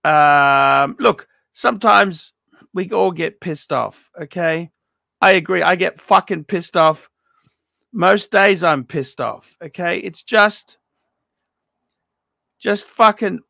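A middle-aged man reviews a watch collection in a blunt, swearing rant. His voice sits high and gravelly, with a sharp, forceful edge. The sound is dry and close. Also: takes it slowly, no echo. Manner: blunt, profane, ranting advice. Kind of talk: unscripted paid review monologue.

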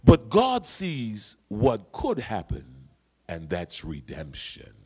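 A male pastor preaching a sermon in a church, swinging between shouted declarations and low, quiet lines, and repeating key phrases for emphasis. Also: wildly swooping pitch, takes it slowly, husky. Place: church sanctuary.

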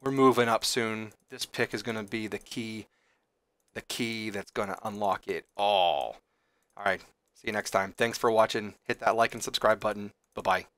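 A man hosting a gaming channel, chatting casually as he plays, excitable and chatty, often exclaiming. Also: on the low side, normal speed, no echo. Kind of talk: casual game commentary.

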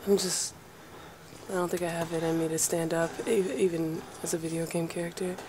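A woman's voice: on the low side, steady tone, a little fast, background noise. A woman giving let's play commentary on a horror game, nervously muttering and swearing to herself as she plays.

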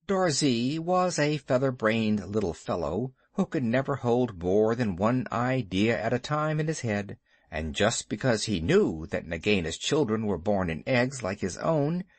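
A man reading a classic story aloud as an audiobook narrator, expressive and lively. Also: mid-range voice, no room sound.

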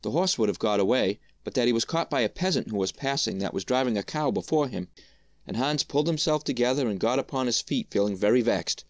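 A man reading a fairy tale aloud as storyteller, in a measured, even manner. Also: medium pitch, no room sound, clean studio sound.

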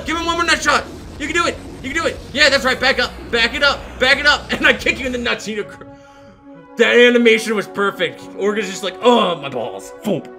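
An excitable man narrates a video game run in a high, animated voice with wide swings in pitch. He shouts and chants goofy repeated phrases as he plays. Loud game music runs underneath him. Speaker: gaming video host. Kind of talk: let's play commentary.

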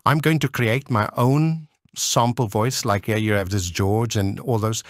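A man casually walking viewers through a software demo, enthusiastic and chatty, with plenty of fillers. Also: lowish voice, unhurried, no echo, studio quality. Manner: enthusiastic, explains step by step with many fillers. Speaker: tech vlogger.

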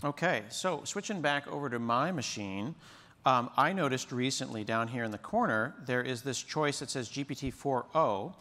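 A man's voice: medium pitch, moderate pace, bright, forceful tone. A man giving a chatty, enthusiastic demo talk on a conference stage. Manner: chatty, self-described yapper. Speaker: presenter. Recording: long hall reverb.

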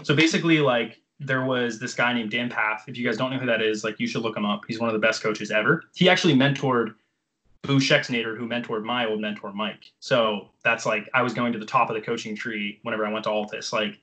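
A man's voice: mid-range voice, brisk, sharp tone, low-quality recording. A man in his twenties, a coach, telling his story in casual, profane, filler-heavy chat. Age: 20s. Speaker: jump training coach.

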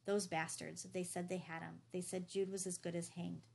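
A woman reading as a grim, hushed father. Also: little pitch movement, normal speed, creaky. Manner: low and hushed, clipped. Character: grim middle-aged father, tense and guarded.

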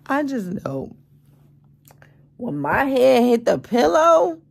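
A tired thirty-year-old woman, freshly woken, vlogs from her bed in the bedroom and calls her viewers y'all and baby. Though slow and prone to long pauses, she is very animated and expressive, her slightly high voice carrying vocal fry and a breathy edge. The mood is a casual morning chat.

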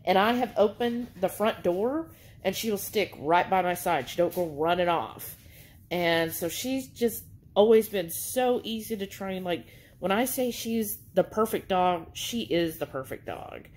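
A woman vlogger chatting casually to camera in an animated, storytelling way. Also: mid-range voice, measured pace, low-quality recording.

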